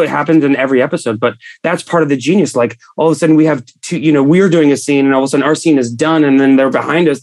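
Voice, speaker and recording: Guy rambling on as a guest, repeats himself a lot, average pitch. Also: a little mellow. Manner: rambling, repeats words, quotes others. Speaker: actor, guest. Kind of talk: casual conversation.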